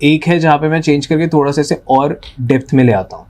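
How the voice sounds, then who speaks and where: Brief: male host, Indian English accent, quick casual delivery, fairly high voice. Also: steady tone, a little mellow. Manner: casual, mixes Hindi and English. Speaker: podcast host. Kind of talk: podcast conversation.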